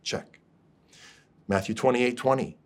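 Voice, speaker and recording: A male pastor preaching in a relaxed, conversational way. He keeps checking that his listeners are following him, mixing scripture with everyday stories. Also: mid-range voice, unhurried. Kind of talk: sermon.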